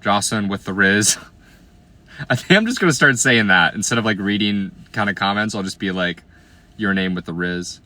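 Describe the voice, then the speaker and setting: A man in his twenties from Iowa, chatting casually on a livestream while reading viewer comments, playful and slangy, often trailing off into quiet asides. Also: lowish voice, moderate pace. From Iowa, USA. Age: 20s.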